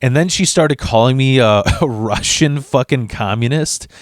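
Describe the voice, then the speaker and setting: A man hosting a vlog, telling a comedic story in an animated, profane, fast-talking way. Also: medium pitch, no room sound, clean studio sound. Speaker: vlog host.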